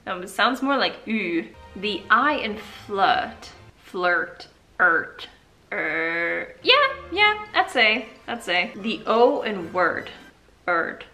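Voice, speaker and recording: A woman's voice: mid-range voice, bright, forceful tone. A woman casually vlogging about vowel sounds, joking, interrupting herself and sounding vowels out over and over. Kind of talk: casual language vlog.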